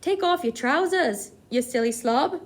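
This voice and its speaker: A woman voicing rowdy male cooks, shouting and jeering loudly. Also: extremely high pitch, very animated, normal speed, pitched above the performer's own voice, exaggerated voice.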